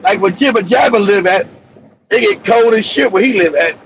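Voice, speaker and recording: A man hosting a casual talk show, telling rambling, profane stories with bursts of shouting. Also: high voice, moderate pace, vocal fry, slight background noise. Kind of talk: casual storytelling chat. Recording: dull lo-fi audio.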